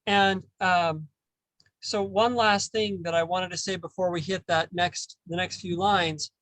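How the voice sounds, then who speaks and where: A man hosting a casual spiritual discussion, talking haltingly and repeating words as he thinks. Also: high voice, fairly even intonation, a bit bright, no room sound, low-quality recording. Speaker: podcast host.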